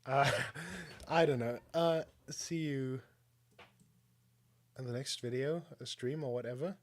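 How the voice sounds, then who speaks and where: A man talks to his livestream audience in a loose, rambling way. He trips over restarts and fillers. His voice sits at an ordinary middle pitch. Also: slow. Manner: rambling, self-deprecating, lots of fillers. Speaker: streamer. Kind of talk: casual solo stream chat.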